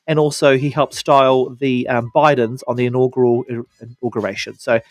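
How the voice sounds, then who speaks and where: A man with a New Zealand accent hosting a breakfast radio show, chatting excitably and gossiping with his co-host in a studio. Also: medium pitch, a little fast, no echo. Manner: excitable, gossipy, sings out phrases. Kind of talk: casual radio banter. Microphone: studio microphone.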